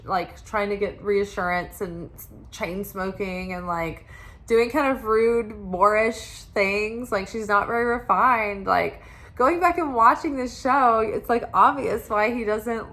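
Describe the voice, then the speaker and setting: Bright, chatty woman tarot reader. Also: medium pitch. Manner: chatty, frequent "like" fillers. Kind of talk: casual tarot reading monologue.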